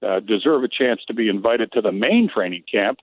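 A man giving a chatty, brisk sports report down the line to the radio hosts. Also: lowish voice, slight background noise. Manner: brisk, chatty, with lively rises. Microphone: phone. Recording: tinny phone line, dry.

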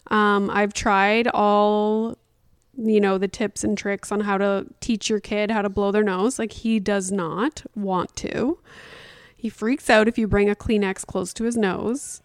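A woman, hosting a casual solo podcast in a chatty, animated way, full of fillers and asides. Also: mid-range voice, unhurried, no echo, studio quality. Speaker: podcast host.

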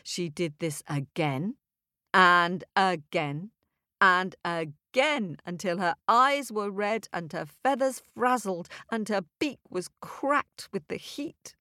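Slow, expressive woman storyteller. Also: lowish voice, dry recording, studio quality. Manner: expressive, rhythmic repetition. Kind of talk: storytelling for children.

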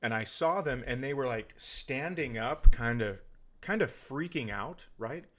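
A man in his forties co-hosting a comedy podcast, telling a story in a wry, relaxed manner. His voice sits at an ordinary middle pitch, with plain delivery. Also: measured pace. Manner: wry, easygoing, laughs along. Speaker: podcast co-host. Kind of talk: casual comedic chat.

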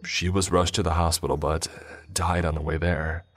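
A man voicing a male police officer breaking bad news, speaking quietly and slowly. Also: low voice, flat delivery, soft background music. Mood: somber.

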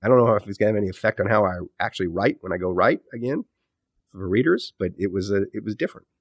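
Middle-aged male author guest, low voice, reflective, restarts sentences, close dry mic. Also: fast, no echo. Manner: thoughtful, self-correcting, trailing off low at phrase ends. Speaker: author and podcast host, guest. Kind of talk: conversational interview answers.

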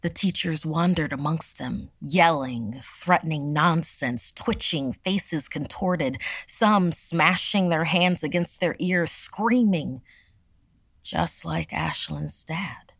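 A woman narrating a scripted horror story in a measured, dramatic way. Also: deep voice, gravelly, fairly bright tone, slightly rough, no echo.

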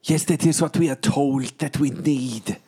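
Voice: mid-range voice, measured pace, dark tone, husky. A player in a tabletop game, trading dry, sarcastic banter in character.

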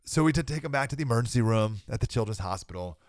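A man's voice: mid-range voice, expressive, rapid-fire, no echo. Young guy preaching on a podcast, bit under the weather, voice jumps all over, real dry close sound. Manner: earnest, emphatic, laughs between points. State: slightly sick with a cold. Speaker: podcast host. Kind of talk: preaching monologue.

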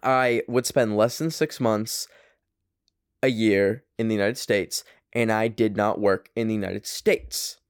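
A young man from Canada chats through his podcast in a rambling, profane way, piling up "like" and "um". His voice sounds smooth and clear, and the recording is dry, with no room echo. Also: on the low side, fairly even intonation, a little slow. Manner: rambling, profane, heavy on fillers. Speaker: podcast host. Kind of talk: casual monologue. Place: small apartment bedroom.

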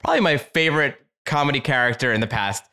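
A man's voice: medium pitch, fast, sharp tone, clean tone. Upbeat man hosting a chat podcast. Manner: upbeat, laughs often. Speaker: podcast host. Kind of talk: casual chat.

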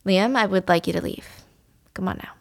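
A woman's voice: medium pitch, a little fast, vocal fry, dry recording, studio quality. A woman voicing an uneasy man asking a guest to leave. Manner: hesitant, uncomfortable, subdued.

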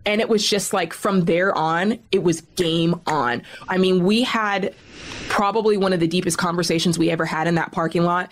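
A woman guest telling a personal story in an interview, emphatic and animated. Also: fairly low pitch, normal speed.

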